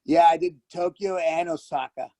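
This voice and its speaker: A man's voice: on the high side, normal speed, warm tone. A man co-hosting a casual chat, telling an enthusiastic, profane story. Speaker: podcast co-host.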